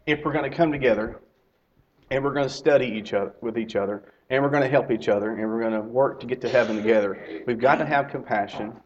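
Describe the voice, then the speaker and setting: A man's voice: mid-range voice, fast. A middle-aged man giving a conversational sermon to his congregation. He repeats his key phrases and asks his listeners direct questions. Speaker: lay preacher and teacher. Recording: slightly dull lo-fi recording.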